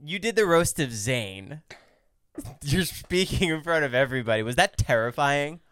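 A man from New Jersey hosting a podcast, chatting casually with a guest, relaxed and teasing with short questions. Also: fairly high pitch, normal speed, smooth, no echo. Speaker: podcast host. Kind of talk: casual interview chat.

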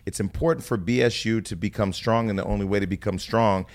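A man co-hosting a casual talk show, telling stories in an emphatic, animated way. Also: lowish voice, fast. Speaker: podcast co-host. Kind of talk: casual chat.

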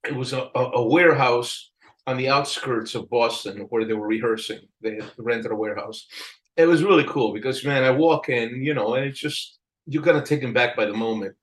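An older man telling a story in a casual interview, animated, acting out the people he quotes and laughing often. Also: mid-range voice, brisk, rough recording. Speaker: album cover artist telling a story.

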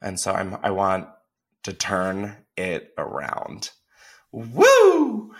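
Bright-voiced young man hosting a podcast. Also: deep voice, takes it slowly. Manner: candid, profane, laughs often. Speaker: podcast host. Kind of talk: casual chat.

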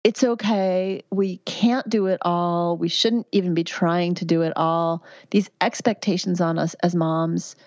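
A candid woman in her fifties speaks in a lowish voice, giving advice in a chatty way full of "um" and "you know". The recording sounds dull and lo-fi, with a dry close sound. She talks like a physician on a podcast. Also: fairly even intonation, unhurried, hardly any pauses, no echo. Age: 50s. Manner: candid, chatty, warm advice with frequent fillers. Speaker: physician guest. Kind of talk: podcast interview answers.

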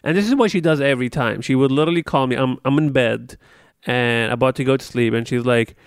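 A man co-hosting a podcast, telling stories in a casual, animated way and swearing now and then. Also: medium pitch, quick pace, smooth, no echo, studio quality. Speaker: podcast co-host.

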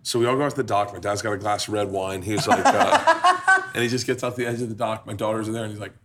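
A man's voice: fairly low pitch, rapid-fire, slight background noise. A man in his forties hosting a casual comedy cooking show, telling a profane story and acting out the voices in it. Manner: profane, animated, acts out voices. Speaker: host.

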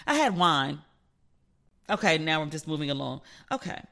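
A woman's voice: deep voice, very animated, slow, gravelly, sharp tone. A woman hosting a casual solo podcast, telling stories in a playful, chatty way and acting out the voices of the people she quotes. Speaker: podcast host.

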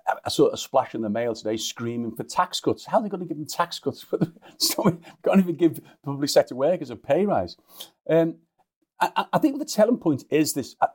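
A man's voice: mid-range voice, darkish tone. A man, a guest journalist in a casual chat, chuckling and often restarting his sentences.

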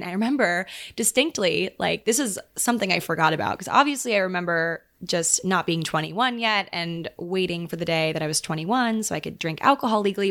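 A woman's voice: lowish voice, fairly bright tone. A young adult woman hosting a podcast in casual chat, chatty and full of "like" fillers and laughter. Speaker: podcast host.

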